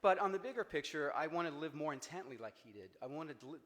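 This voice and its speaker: A man from Cincinnati giving a personal memorial speech, storytelling with humor and jumps in pitch for emphasis. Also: lively intonation, quick pace, fairly bright tone. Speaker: eulogy speaker, friend of the deceased. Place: memorial service hall. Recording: echoey hall with long reverb.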